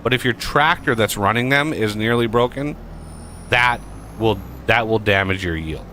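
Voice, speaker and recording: A man's voice: on the low side, moderate pace, sharp tone, slight background noise. A man giving casual gameplay commentary as a streamer, rambling with many fillers and restarts.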